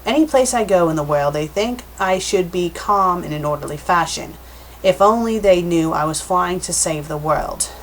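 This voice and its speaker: A woman's voice: on the low side, normal speed, slight background noise, close to an everyday voice. A woman voicing a weary, determined young man on a mission, reading his lines plainly.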